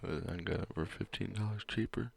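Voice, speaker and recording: A man's voice: lowish voice, normal speed, gravelly, a little mellow, slight background noise. A young man co-hosting a casual podcast, telling a work story full of swearing and acted-out quotes. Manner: profane, storytelling, mimics others. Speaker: podcast co-host.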